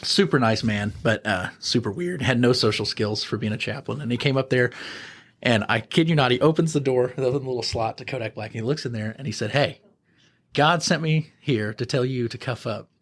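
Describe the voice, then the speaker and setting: Podcast guest, male, quick delivery, lively storyteller who voices the characters. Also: medium pitch. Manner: animated storyteller, acts out voices. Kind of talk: casual storytelling.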